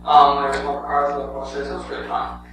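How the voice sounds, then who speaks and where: Recorded at a distance in a very echoey church hall with an audible hum, a young man talks fast in a mid-range, completely flat voice. He's presenting his mission trip to the congregation, rambling casually and filling gaps with "um" and "anyway".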